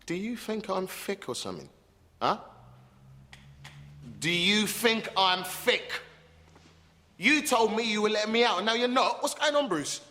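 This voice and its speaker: An actor playing a defiant young male psychiatric patient who taunts and flares into shouting. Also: high-pitched, expressive, heavily acted. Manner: taunting, volatile, quick to shout. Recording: roomy reverb.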